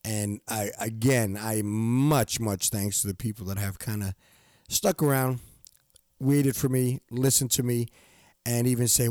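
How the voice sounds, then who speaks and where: A man's voice: mid-range voice, normal speed, no room sound. An older man hosting a motivational podcast alone, giggling often and repeating his phrases as he talks into a studio microphone. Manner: giggly, warm-hearted, repeats himself. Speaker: podcast host. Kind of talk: casual motivational monologue.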